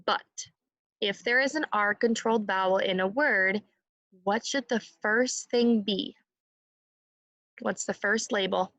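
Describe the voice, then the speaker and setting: A woman teaching phonics to a young class, slow and encouraging, sounding each word out for the children to repeat. Her voice sits at a middle pitch. The recording is dry and close, with no room around it. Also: a bit bright, no echo.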